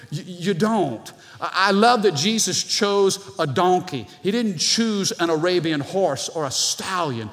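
Animated pastor preaching in a reverberant church. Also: male voice, on the high side. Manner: animated, playful asides to the congregation. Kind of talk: sermon. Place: church sanctuary. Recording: long hall reverb from the church.

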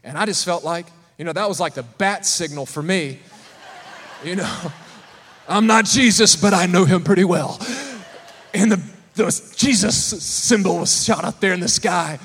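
A man's voice: high-pitched, moderate pace, slight background noise. A man preaching a sermon to a congregation, telling a story with humor and calling out to the listeners. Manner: animated, calls out to the congregation. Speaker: pastor. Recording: long reverb of a large hall.

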